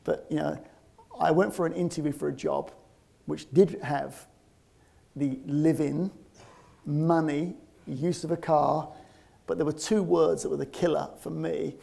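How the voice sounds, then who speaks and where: A man in his fifties with a London accent, telling a personal story in a lively, animated way and often laughing as he talks. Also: fairly high pitch, measured pace, vocal fry, pauses often. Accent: London English. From England (London).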